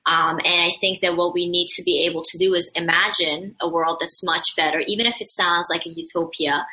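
A woman's voice: fairly low pitch, steady tone, brisk, sharp tone, poor audio. A woman speaking earnestly and at length in a casual conversation, with frequent fillers and repeated starts.

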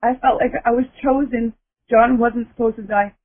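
A woman's voice: a little high, steady tone, moderate pace. A woman caller telling a dramatic personal story, emphatic and breathless in the telling. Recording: tinny phone line.

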